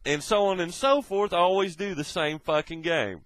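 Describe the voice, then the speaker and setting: A man's voice: high voice, moderate pace, fairly bright tone, dry recording, poor audio. A man delivering a blunt, profane ranting monologue, lecturing in a swearing tone. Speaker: video blogger.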